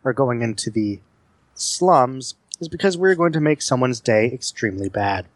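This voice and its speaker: A man's voice: medium pitch, expressive, normal speed, no echo. A man playing a tabletop role-playing game, speaking in character with a dry, wry delivery. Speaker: player. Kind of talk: in-character chat.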